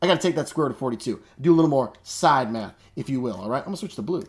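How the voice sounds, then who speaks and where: A mid-range, animated male voice races along very fast in a casual classroom math explanation. He keeps it upbeat and slangy, muttering to himself as he works each step.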